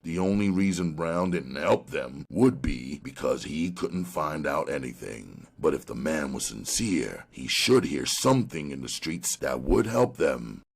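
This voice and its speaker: A man narrating a crime audiobook in an expressive storytelling manner. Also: a bass voice, a little slow, creaky, few pauses, slightly rough.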